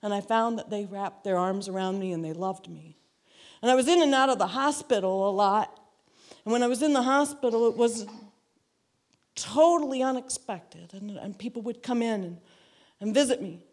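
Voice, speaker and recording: A woman's voice: mid-range voice, moderate pace. A woman giving a personal testimony to a church, earnest and reflective, repeating phrases for emphasis. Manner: acts out quoted dialogue in her story.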